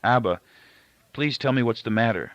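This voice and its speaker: A man's voice: medium pitch, moderate pace, no echo, voice pushed up, close to an everyday voice. A man voicing a frightened teenage boy. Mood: worried, pleading. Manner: pleading, questioning. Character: anxious teenage boy in a hospital bed. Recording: dull, dry lo-fi recording.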